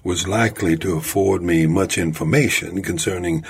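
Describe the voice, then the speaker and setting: A man reads a classic story aloud in a dry, measured way. His voice is low and rough, with a strong husky grain. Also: fairly even intonation. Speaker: narrator.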